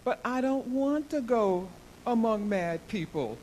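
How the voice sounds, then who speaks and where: A man's voice: extremely high pitch, lively intonation, a little slow, a little mellow, slight background noise, pitched above the performer's own voice, low-quality recording. A man reading aloud as a curious, puzzled young girl from a storybook, lifting his voice for her questions.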